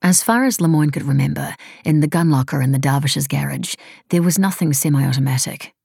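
A woman reads a tense thriller in a low, husky voice. She narrates steadily and evenly. The recording is close and dry, with no room sound. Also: fairly quick, a little mellow, no room sound. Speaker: audiobook narrator. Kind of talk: scripted narration.

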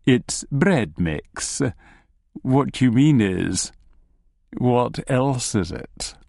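A man's voice: mid-range voice, expressive, gravelly, no echo, studio quality, exaggerated voice. A man doing a sly, cryptic old pub gnome. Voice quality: slow, deliberate, hushed delivery.

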